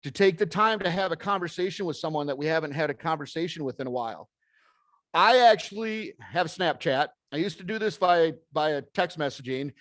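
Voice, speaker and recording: Folksy storytelling man, slightly high voice. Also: animated, fairly quick, a bit bright, no echo, clean studio sound. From American Midwest. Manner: folksy storytelling, plainspoken, acts out dialogue. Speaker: speaker. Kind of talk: motivational talk to an audience.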